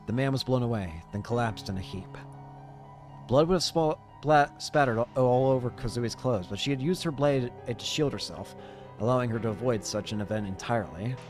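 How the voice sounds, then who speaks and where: A man's voice: mid-range voice, a little mellow, soft background music. Young man reading a visual novel aloud. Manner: casual, reacting with quick exclamations. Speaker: game streamer.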